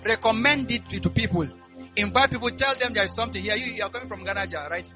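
A man's voice: high-pitched, fast talker, muffled recording, over music. A man preaching a church sermon as pastor, giving announcements and leading prayer, often asking the congregation whether they are together. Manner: call-and-response, asks "are we together?"; rising to loud fervent prayer.

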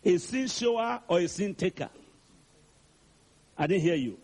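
Husky, animated male preacher. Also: high-pitched, measured pace. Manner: dramatic, calls for responses. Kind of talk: sermon.

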